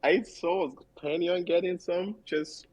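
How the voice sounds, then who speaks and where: Laid-back guy hosting a morning chat, slow drawl, easy laugh. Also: high-pitched, fairly even intonation, darkish tone, poor audio. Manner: laid-back, laughs easily, greets everyone. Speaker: host. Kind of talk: casual chat.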